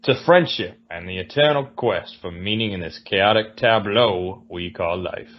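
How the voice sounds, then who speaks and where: A man voicing a florid, pompous Southern gentleman with a put-on genteel drawl, reading in a grandiloquent theatrical way. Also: low-pitched, moderate pace, dull audio.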